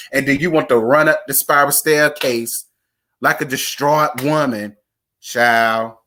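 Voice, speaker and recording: A man's voice: on the high side, steady tone, normal speed, sharp tone. A man, sassy and dramatic as he chats casually about reality TV gossip. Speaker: gossip vlogger.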